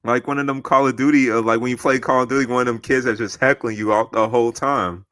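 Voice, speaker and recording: A man co-hosting a podcast, bantering quickly and jokingly, a little defensive. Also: medium pitch, fairly even intonation, a bit bright, dry recording. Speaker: podcast co-host. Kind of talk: casual chat. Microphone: streaming podcast mic.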